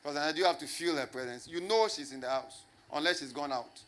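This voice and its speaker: A man preaching a sermon in a somewhat high voice. He leans hard on repetition and keeps asking the congregation questions. He slows right down to press home key words. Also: fairly bright tone. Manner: emphatic, repeats phrases and asks the congregation rhetorical questions. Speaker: pastor.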